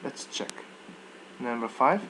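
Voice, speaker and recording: A man's voice: medium pitch, expressive, slow pace, sharp tone, slight background noise, low-quality recording. A man teaching a live online English lesson, checking students' answers by name and modeling pronunciation.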